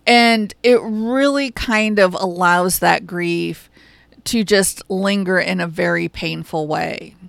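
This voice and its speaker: Woman, podcast host, gravelly voice, dry sound, calm and reassuring. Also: fairly low pitch, slow pace, no room sound. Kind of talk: reflective solo podcast talk.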